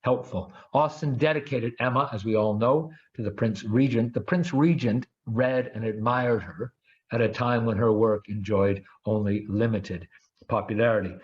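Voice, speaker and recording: A man's voice: lowish voice, moderate pace, dull audio. A man giving an academic lecture with enthusiasm, often restarting with fillers.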